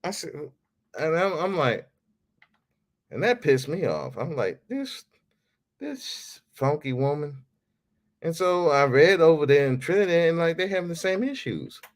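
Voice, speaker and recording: A man's voice: fairly high pitch, very animated, moderate pace. A man hosting a podcast, ranting in a casual, heated way, swearing freely and repeating himself. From United States. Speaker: podcast host.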